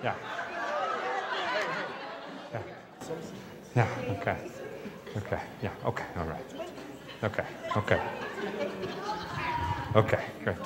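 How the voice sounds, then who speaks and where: A man's voice: lowish voice, takes it slowly, pauses often. A man hosting a comedy hypnosis show on stage, teasing his volunteers with playful banter. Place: stage in a large hall. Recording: large hall with loud crowd.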